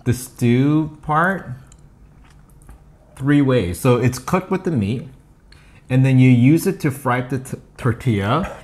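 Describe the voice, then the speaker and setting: A man's voice: medium pitch, animated, takes it slowly, pauses often, a little mellow. A man co-hosting a casual eating video, chatting while he eats and filling his talk with "like" and "you know". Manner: rambling, full of "like" and "you know". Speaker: co-host.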